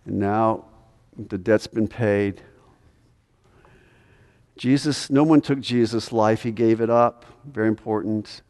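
A man preaching a sermon as pastor, emphatic, swinging from hushed to loud. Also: lowish voice, fairly even intonation, slow, long pauses. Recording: long reverb of a large hall.

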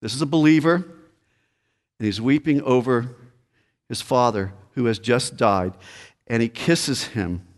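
A man's voice: medium pitch, unhurried, long pauses. Man preaching a conversational sermon. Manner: conversational preaching, addresses listeners directly. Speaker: pastor.

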